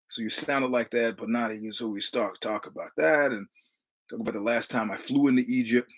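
A man's voice: mid-range voice, fairly quick, husky. Man, podcast host, casual storytelling, profane, repetitive, punchy.

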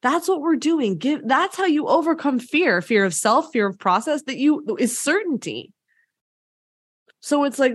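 A fairly high-voiced woman hosts a solo podcast and coaches listeners through sales calls. She talks in an energetic, conversational way and slips into the voices of clients. The sound is close and dry. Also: measured pace, dry recording.

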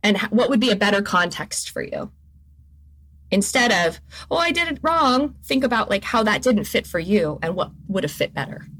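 A woman's voice: medium pitch, expressive, moderate pace, a bit bright, breathy edge, no room sound. A middle-aged woman talking candidly and with animation as a therapist guest on a podcast, laughing often. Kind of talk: podcast interview conversation.

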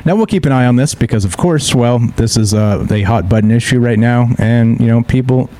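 A man's voice: medium pitch, fairly quick, warm tone. A tired man hosting a live news stream, reading articles aloud and ranting about them in a blunt, sarcastic, profane way. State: tired, yawning. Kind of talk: casual opinionated news commentary. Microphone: streaming microphone.

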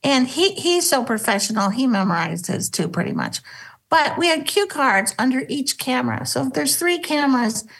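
A middle-aged woman, a former sketch comedy cast member, telling animated stories in a casual interview and acting out the quotes. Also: moderate pace, vocal fry, low-quality recording. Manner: animated, acts out quotes, drops into a low voice for bits.

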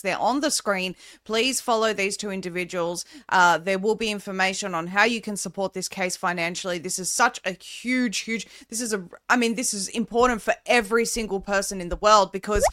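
A woman's voice: medium pitch, a bit bright. A woman hosting an online broadcast interview, speaking in an urgent, campaigning tone and closing the show with a scripted sign-off. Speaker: host.

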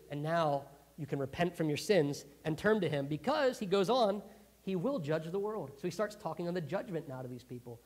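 A man preaching a sermon in a conversational, earnest way, clearing his throat often. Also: a little high, darkish tone. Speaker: pastor.

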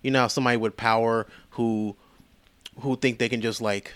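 A man's voice: medium pitch, fairly quick, dry recording. A man hosting a podcast, retelling a movie in a casual, profane, rambling way. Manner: profane, rambling, animated retelling with quoted voices. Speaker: podcast host.

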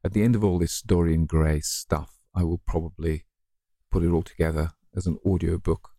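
A man's voice: sits low, steady tone, moderate pace, dark tone, no room sound, clean studio sound. A man with a Northern English accent, hosting his own story podcast and chatting casually and self-deprecatingly to listeners. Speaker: podcast host and story reader.

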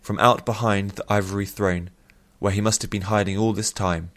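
Low-voiced male fantasy narrator. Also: fairly even intonation, moderate pace, fairly bright tone. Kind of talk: scripted fantasy audiobook narration.

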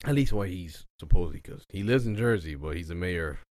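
A man's voice: sits low, expressive, brisk, darkish tone, no room sound. A young man from the Bronx, rambling and swearing freely in casual podcast chat. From the Bronx, New York.

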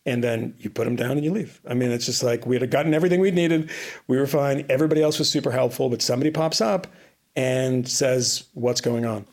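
A tired man on a podcast tells a long travel story over a remote line. His voice has a gravelly edge, and his speech keeps rambling and restarting. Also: mid-range voice, fast, darkish tone. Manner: rambling, many restarts and fillers. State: tired, bleary-eyed. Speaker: podcast co-host reporting from abroad. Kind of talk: casual conversational storytelling. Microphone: remote call-in.

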